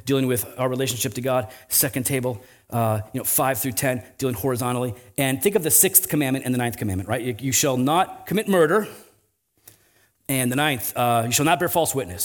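A mid-range male voice belongs to a pastor giving a conversational sermon, frequently dropping in "right?" asides and rising to emphatic swells.

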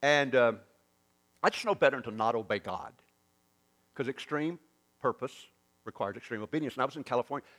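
In a medium-pitched, brisk voice broken by long pauses, a Southern US preacher relates a story from the pulpit. He brings it alive by acting out what each person says.

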